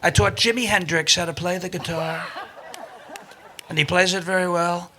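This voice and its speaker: A man doing an impression of a boastful older politician, bragging in repetitive, drawn-out phrases. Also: sits high, steady tone, crowd noise, voice pushed down, close to an everyday voice.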